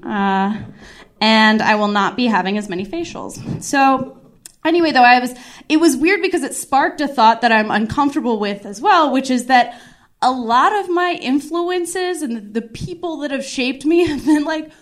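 A woman doing a stand-up set, with a somewhat high voice. She tells her story in a rambling, self-deprecating way, restarting sentences and leaning on "like" as she goes. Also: expressive, normal speed. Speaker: stand-up comedian.

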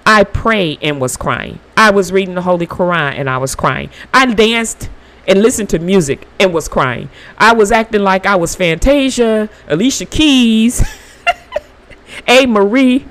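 A woman hosts her own podcast, sharing an earnest spiritual reflection. Her voice swings widely in pitch, moving from quiet, slowed phrases to animated bursts. She speaks informally and encourages her listeners through faith. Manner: earnest, emotional, with bursts of laughter. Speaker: podcast host.

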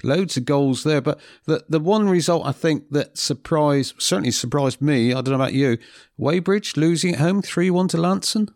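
A man co-hosting a football show, dry and teasing, brisk when going through results. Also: on the high side, a little mellow, no echo. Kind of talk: casual football chat.

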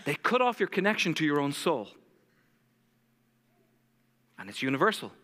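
A lead pastor preaching a sermon, intense and fast-talking, dropping to a soft hush when he reads scripture. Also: a little high, sing-song. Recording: long church hall reverb.

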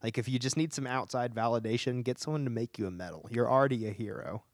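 A man's voice: mid-range voice, quick pace, no echo, studio quality. A man from Tennessee in casual conversation about a movie, enthusiastic and often laughing as he talks. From Chattanooga, Tennessee.

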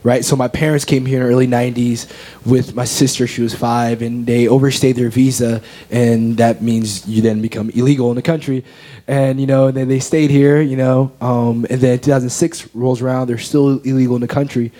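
A man's voice: mid-range voice, flat delivery, moderate pace, warm tone. An American man in his twenties earnestly sharing a personal faith testimony as an interview guest. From United States. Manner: earnest, heartfelt storytelling.

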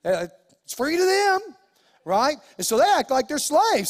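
A man's voice: very high-pitched, sing-song, unhurried. A middle-aged man preaching a sermon as pastor, emphatic and repetitive with folksy asides. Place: church sanctuary. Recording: long church hall reverb.

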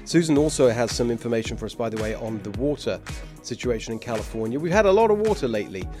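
A man's voice: medium pitch, animated, fast talker, over music. A man with an English accent hosting a political talk show, emphatic and sarcastic, with bursts of mockery and laughter.

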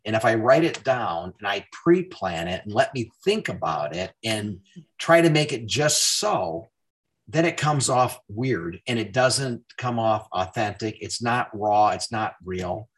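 A man's voice: lowish voice, a little slow. A man hosting a casual interview, telling stories and acting out quoted dialogue. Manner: animated storyteller, acts out quoted dialogue. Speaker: podcast host.

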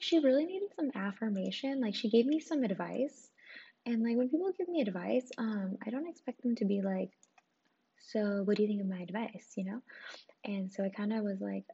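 A woman's voice: mid-range voice, dark tone. A young woman telling a story in a casual vlog, chatty and profane, full of "like" and "um". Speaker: vlogger. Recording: dull lo-fi audio with clear noise.

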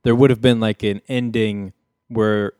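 A man's voice: fairly low pitch, steady tone, unhurried, darkish tone, smooth, no echo, clean studio sound. Joking man retelling a sitcom plot. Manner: joking storyteller, mimics characters' lines. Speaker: podcast host recapping a sitcom episode. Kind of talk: casual chat.

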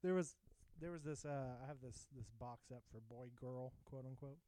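Mellow-voiced man in casual podcast chat. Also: mid-range voice, no echo, rough recording. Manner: rambling, halting, reads out results. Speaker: podcast co-host.

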